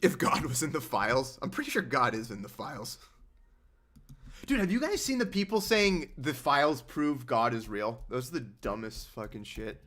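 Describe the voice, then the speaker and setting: A man's voice: mid-range voice, very animated, normal speed, fairly bright tone. A young man hosting a casual livestream, rambling and sarcastic as he answers chat. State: injured hand. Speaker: livestream host.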